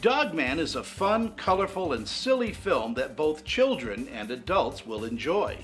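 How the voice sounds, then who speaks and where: A man's voice: fairly high pitch, very animated, a little slow, a bit bright, soft background music. A man who is a film critic, delivering a scripted movie review with an upbeat, punchy delivery.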